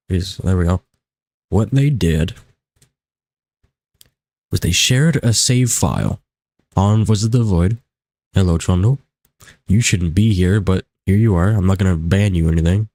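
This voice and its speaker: Groggy deep-voiced man streaming a game. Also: a little mellow, no echo. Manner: casual, rambling, self-talk while playing. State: groggy just-woke-up morning voice. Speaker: livestreamer. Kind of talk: live gameplay commentary. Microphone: desk streaming mic.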